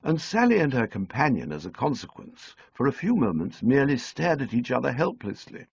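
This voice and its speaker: A man narrating an audiobook in a measured, dryly comic storytelling manner, on a close studio mic. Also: mid-range voice, big pitch swings, vocal fry, breathy edge, dry recording, muffled recording.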